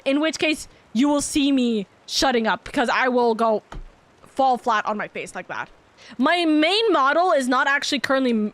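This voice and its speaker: Bubbly high-voiced woman streamer. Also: a bit bright. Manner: bubbly, affectionate, rapid and rambling. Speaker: VTuber streamer. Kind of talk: casual live-stream chat with viewers.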